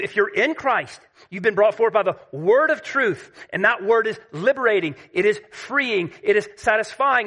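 Bright-voiced emphatic male preacher. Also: high voice. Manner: emphatic, dropping to a hush at key points. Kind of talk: sermon.

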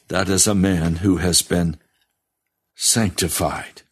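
A male pastor preaching a broadcast sermon, fiery and reading scripture aloud, rising in pitch on pointed questions. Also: steady tone, slow, breathy edge. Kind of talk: radio sermon.

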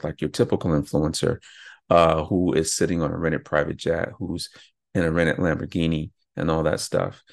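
Very deep, gravelly-voiced man podcasting. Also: normal speed, a little mellow, no room sound. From California. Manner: casual, rambling, self-correcting. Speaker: podcast host. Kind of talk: unscripted solo podcast talk.

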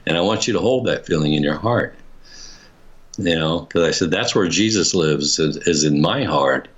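A man's voice: very deep voice, normal speed, slightly rough. An older man being interviewed, telling a personal story in a rambling, casual way, with many restarts and chuckles. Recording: dull lo-fi recording.

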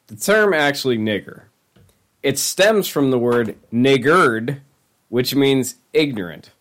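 A man's voice: mid-range voice, expressive, slow pace, fairly bright tone. An adult man, a father, co-hosting a casual podcast and telling stories bluntly. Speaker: podcast co-host. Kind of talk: casual chat.

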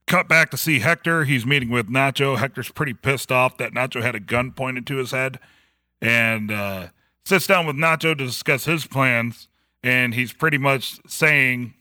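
A man's voice: mid-range voice, sharp tone, no room sound, studio quality. A man hosting a podcast, casually recapping a TV episode in a laid-back, jokey way. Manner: laid-back, jokey, retells plot in quick summaries. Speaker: podcast host.

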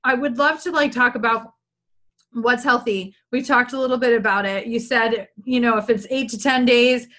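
A woman with a high, bright, sharp-edged voice hosts a relaxed podcast conversation. She talks candidly and with plenty of animation, laughing freely and dropping the odd swear word. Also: moderate pace. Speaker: podcast host. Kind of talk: casual conversational interview.

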